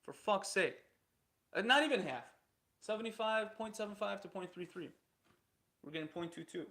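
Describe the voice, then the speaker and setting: Blunt, profane, high-pitched man telling his story. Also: expressive, normal speed, bright, forceful tone. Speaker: indoor farming founder telling his story. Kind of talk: casual storytelling.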